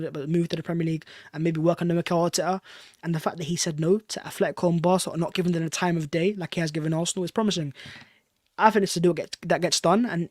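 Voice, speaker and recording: A man's voice: a little high, dry recording, studio quality. A man co-hosting a fan podcast, chatty and leading the segment. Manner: quick, chatty, leads the segment. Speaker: podcast co-host. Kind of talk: casual football chat.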